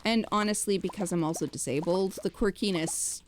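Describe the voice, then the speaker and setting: A woman's voice: mid-range voice, a little fast, slight background noise. A woman co-hosting a game stream in casual, chatty, self-deprecating talk. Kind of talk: casual chat.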